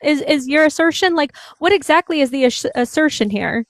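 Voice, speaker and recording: A woman's voice: high-pitched, animated, fairly quick, no echo, studio quality. A woman hosting a live online debate panel, blunt and sarcastic, scolding callers on a home microphone. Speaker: livestream host.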